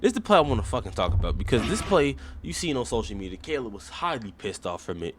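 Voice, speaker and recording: Male comic host, rambling profane mock analysis, lively voice. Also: fairly low pitch, fast, noisy background. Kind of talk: comic sports breakdown.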